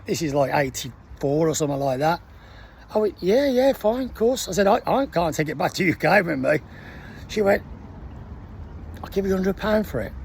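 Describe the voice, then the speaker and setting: A man's voice: a little high, creaky, slightly rough. A man in his sixties, a military veteran telling a casual anecdote and acting out the voices of the people in it. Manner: lively storyteller acting out the voices of others.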